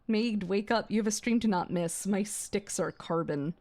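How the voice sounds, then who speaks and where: A young adult woman streamer reading a visual novel aloud on a gaming stream, excitable and swearing between gasps and laughs. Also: medium pitch, takes it slowly, long pauses.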